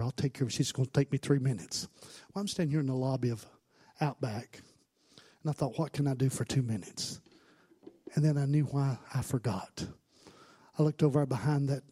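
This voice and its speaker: High-voiced preacher. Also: male voice, slightly rough. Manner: swings between quiet storytelling and loud preaching. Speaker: pastor. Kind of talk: sermon.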